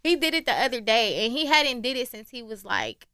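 In a clean, dry studio recording, a woman with a fairly high, smooth voice talks at a fairly quick clip. She co-hosts a casual podcast chat, animatedly telling stories, acting out other people's quotes, and laughing often.

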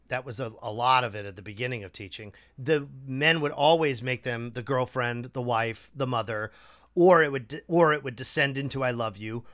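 A man hosting a podcast, chatting casually and acting out quotes with a raised, animated voice. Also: medium pitch. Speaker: podcast host. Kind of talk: casual conversation.

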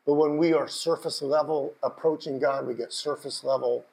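Impassioned high-voiced male preacher. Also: steady tone, normal speed, creaky, rough recording. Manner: passionate, building from hushed to shouting. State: emotional. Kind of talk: sermon.

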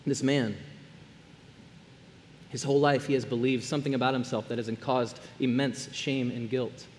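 A man preaching a sermon as a pastor, earnest, dropping to hushed tones and then rising to emphatic ones. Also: mid-range voice, fairly even intonation, normal speed, big-room sound, a little hiss or hum. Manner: earnest, swings between soft hushed lines and raised emphatic ones.

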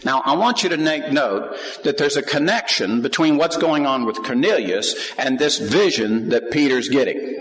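A man preaching a sermon and reading scripture to a congregation, his voice carrying a long reverb from the hall. He questions his listeners directly and climbs to emphatic, animated peaks. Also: medium pitch, normal speed, hardly any pauses, faint music behind.

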